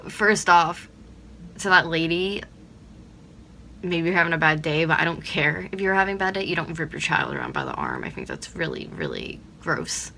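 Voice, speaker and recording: A woman's voice: deep voice, big pitch swings, normal speed, creaky, pushed and bright, a little hiss or hum. A young woman from Pennsylvania ranting to her viewers on a vlog, blunt and swearing freely, with lots of "like". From Pennsylvania, USA. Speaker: vlogger.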